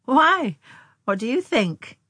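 A proud, cool young woman who teases and holds back, as a woman reader voices her. Her voice is husky with a dry, close sound. She lifts her pitch to be playful. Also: big pitch swings, moderate pace, no room sound.

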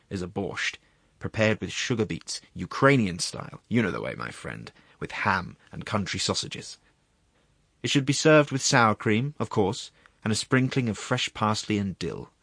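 A greedy, dreamy clerk, as a man reads him murmurs in a low half whisper, lingering lovingly over each dish. The voice is quiet and close, with a dry sound and no room around it. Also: slightly rough, no echo, exaggerated voice. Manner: hushed, half-whispered, rapturous. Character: gluttonous male clerk savoring food talk.

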